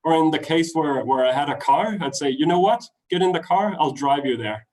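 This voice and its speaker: A man's voice: a little high, a little fast, rough recording. Danish man telling a travel story. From Denmark. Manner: animated, acts out voices in his story. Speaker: travel speaker. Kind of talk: storytelling talk. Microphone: webinar computer mic.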